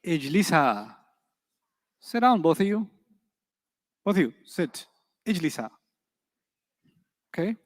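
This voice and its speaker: A man teaching an Arabic grammar class, quizzing his students with quick rhetorical questions in a playful, teasing way. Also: on the high side, sing-song, long reverb tail.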